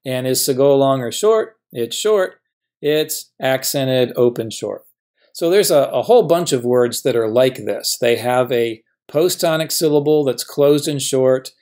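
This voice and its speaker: A male professor lays out a grammar lesson, keeping his pitch steady and even. He is patient with every example and tends to pose a question before answering it himself.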